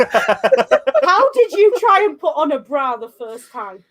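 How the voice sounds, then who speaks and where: Woman, high voice, blunt, sweary, animated storyteller, casual podcast chat. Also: takes it slowly. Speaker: co-host.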